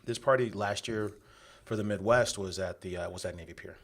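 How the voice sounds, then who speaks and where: A man's voice: on the low side, brisk, fairly bright tone. A man co-hosting a casual beer podcast, rambling and upbeat, talking in loose restarts. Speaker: podcast co-host. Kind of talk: casual chat.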